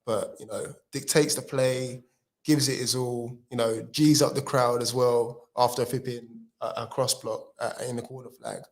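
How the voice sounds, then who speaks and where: A man's voice: medium pitch, steady tone, normal speed. A man rating players as a fan pundit in a casual post-match chat, enthusiastic and joking.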